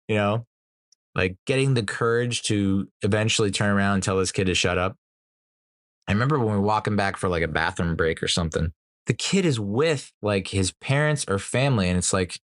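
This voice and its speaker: A man's voice: fairly low pitch, moderate pace, no echo, studio quality. A man in his thirties hosting a podcast, telling stories in a rambling, profane way with frequent laughs. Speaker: podcast host. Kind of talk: casual storytelling chat.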